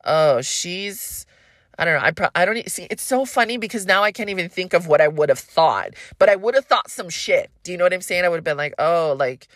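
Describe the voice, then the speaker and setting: On her astrology podcast, this host rambles frankly, laughs a lot and swears plenty, her light Hawaiian accent showing. Her lowish, animated voice moves quickly with few pauses and a fairly bright tone, in studio-quality audio without echo.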